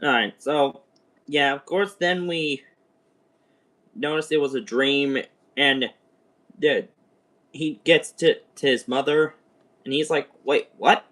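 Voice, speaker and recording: A young man chatting through a spoiler review on a livestream, his voice sitting a little high. He rambles excitably, like an eager fan catching up with friends. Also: slow pace, long pauses. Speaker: show reviewer. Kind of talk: casual spoken review livestream.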